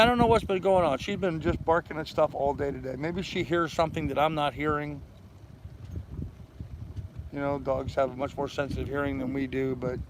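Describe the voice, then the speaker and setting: Folksy older male vlogger, fairly high voice, rambling chat on a boat, faint noise behind. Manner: rambling, folksy, greets chat viewers by name. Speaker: channel host. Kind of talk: casual livestream chat. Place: aboard a sailboat on a mooring.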